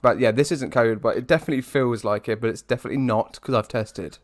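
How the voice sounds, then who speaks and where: A man's voice: mid-range voice, quick pace. A young British man co-hosting a podcast in a jokey, upbeat, chatty way. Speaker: podcast co-host. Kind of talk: casual chat.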